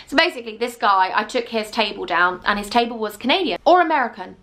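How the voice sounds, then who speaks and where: A woman's voice: a little high, lively intonation, quick pace, few pauses, bright, forceful tone. A woman in her twenties telling a rambling, chatty storytime vlog with many asides. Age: 20s. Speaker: vlogger.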